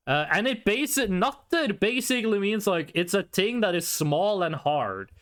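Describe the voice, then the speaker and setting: This young Norwegian streamer, Norwegian-accented, has an expressive, rather high voice with a slightly bright tone, moving at a moderate pace with few pauses. While playing, he rambles and jokes with his chat and responds to what they write.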